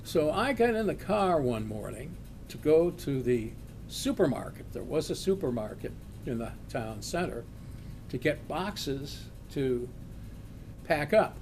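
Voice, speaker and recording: An older man, a retired law professor, slowly telling a personal story and acting out the shouts in it. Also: fairly high pitch, faint music behind. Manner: slow, animated storyteller acting out quoted shouts. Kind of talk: oral history storytelling.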